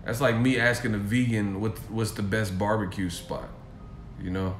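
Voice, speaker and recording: This streamer's casual rant comes in a lowish voice with fairly even intonation at a moderate pace. He's profane and mocking, speaking from an echoey hotel room over soft background music.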